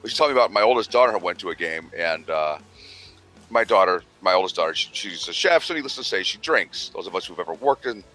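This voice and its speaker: A man's voice: sits low, lively intonation, fast, pushed and bright, soft background music. A man telling a long rambling, profane story with laughter in a casual podcast chat. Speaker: podcast co-host.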